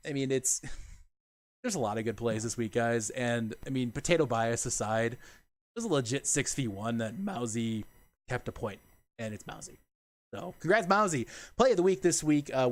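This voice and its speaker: A man hosting a casual livestreamed gaming podcast, relaxed and chatty, laughing often and using lots of fillers. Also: mid-range voice, no echo. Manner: laid-back, laughs often, many fillers. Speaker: podcast host.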